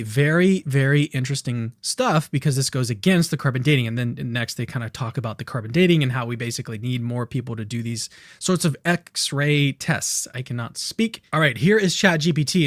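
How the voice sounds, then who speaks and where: A man's voice: mid-range voice, dry recording. Dry-voiced male podcast host reading aloud. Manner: casual, chatty asides.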